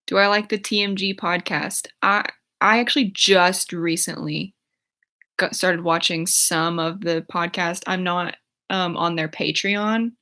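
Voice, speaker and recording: A young woman in her twenties, a YouTuber at home, chats casually on a livestream and answers her chat with lots of fillers and giggles as she rambles. Her voice sits on the low side, steady and unhurried, with a pushed, bright quality.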